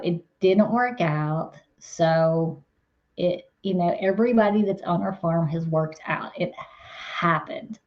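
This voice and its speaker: A woman's voice: fairly low pitch, highs cut off. Chatty woman hosting a farm channel. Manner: chatty, rambling, laughs and teases. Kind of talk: casual live chat with viewers.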